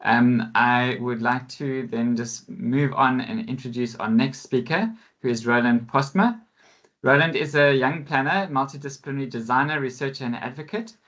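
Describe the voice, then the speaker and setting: A man hosting an online webinar, introducing speakers in a measured, hesitant way over a video call. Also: mid-range voice, a bit bright, highs cut off. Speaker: webinar host, facilitator.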